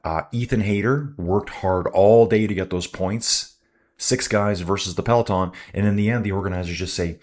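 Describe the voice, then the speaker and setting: Deep-voiced man ranting on a live stream. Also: normal speed. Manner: chatty, ranting, addresses viewers as dudes. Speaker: live race commentator and channel host. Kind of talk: casual live-stream commentary.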